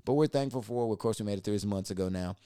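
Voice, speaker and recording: A man hosting a podcast, lively as he retells a personal story and repeating words when excited. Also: fairly low pitch, racing, clean tone, dry recording, clean studio sound. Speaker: podcast host.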